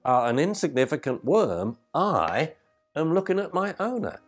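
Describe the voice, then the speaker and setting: A man voicing a proud, calm dog that haughtily snubs another dog. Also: fairly high pitch, moderate pace, faint music behind, voice pushed up. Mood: haughty. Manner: haughty, dismissive.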